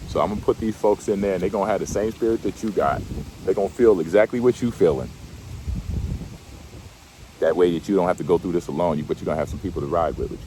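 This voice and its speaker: A man reading bible verses slowly, then paraphrasing them in relaxed, slangy everyday speech. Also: sits low, slight background noise. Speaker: bible teacher. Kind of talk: scripture reading with casual commentary.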